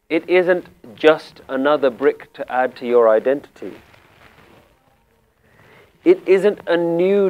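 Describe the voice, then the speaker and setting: A man teaching Sikh scripture, explaining word meanings calmly and deliberately, repeating key phrases. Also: medium pitch. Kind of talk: slow spiritual explanation.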